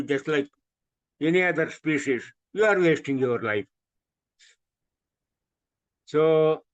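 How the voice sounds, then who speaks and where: A man's voice: high-pitched, fairly bright tone. A man with an Indian English accent gives an emphatic spiritual lecture over a video call. He repeats his points and asks rhetorical questions. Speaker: scripture teacher. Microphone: video call microphone. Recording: dull, muffled video call audio.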